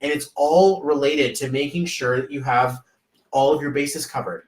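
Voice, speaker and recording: A man's voice: medium pitch, normal speed, far from the mic. A man hosting a casual live stream as a business coach, rambling and hypey, often slipping into quoted voices. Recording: echoey room, voice off-mic.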